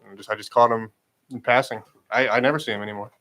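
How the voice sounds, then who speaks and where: A man's voice: medium pitch, fairly even intonation, quick pace, sharp tone. Hesitant male radio co-host. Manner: hesitant, repeats words. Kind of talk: casual radio banter. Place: radio studio.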